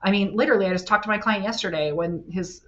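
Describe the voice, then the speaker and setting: A woman attorney talking frankly in a podcast interview, blunt and salty, telling animated stories. Her voice sits at an ordinary middle pitch. The recording sounds a little dull and lo-fi. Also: fast talker. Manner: blunt, profane, animated storytelling. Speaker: guest, family law attorney.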